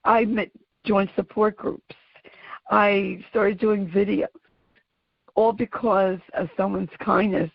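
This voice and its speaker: A woman hosting her own audio show, giving an earnest, emphatic motivational talk in a slow, deliberate way. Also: medium pitch, fairly even intonation, gravelly, dry recording. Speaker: podcast host. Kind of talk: motivational monologue. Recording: dull lo-fi audio.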